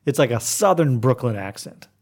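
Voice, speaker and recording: A man's voice: medium pitch, expressive, normal speed, a little mellow. A middle-aged American man from Oklahoma, chatting casually and rambling with many fillers. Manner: rambling, full of fillers and playful accent imitations. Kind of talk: casual chat.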